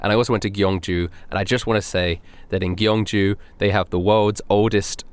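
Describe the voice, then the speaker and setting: A man's voice: on the low side, fairly even intonation, brisk, clear, resonant tone. A young man from Europe co-hosting a podcast, rambling through travel stories with laughs and acted-out voices. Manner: rambling anecdotes, laughing, acting out other people's lines. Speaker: podcast co-host. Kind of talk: casual chat.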